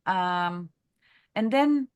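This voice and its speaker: A woman who is a chiropractor, leading a masterclass discussion in an unscripted, halting way, thinking aloud with many fillers and restarts. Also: medium pitch, lively intonation, smooth, lo-fi sound. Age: adult, has a grown daughter. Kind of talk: unscripted teaching talk.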